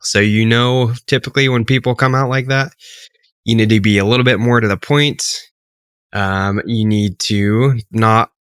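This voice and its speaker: A man coaching door-to-door solar sales, talking casually and breaking down a rep's pitch step by step with many fillers. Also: moderate pace, smooth, dry recording. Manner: relaxed, filler-heavy, explains step by step.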